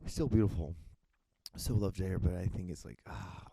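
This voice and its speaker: A man's voice: deep voice, normal speed, creaky, mellow, slightly rough, no room sound. A young man hosting a solo podcast, rambling in casual chat, swearing often and acting out quoted lines. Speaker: podcast host.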